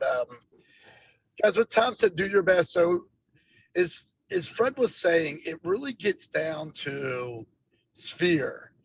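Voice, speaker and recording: Gravelly-voiced man coaching on a call. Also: a little high, a little hiss or hum, rough recording. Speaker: real estate agent and team leader. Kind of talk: casual group video-call discussion.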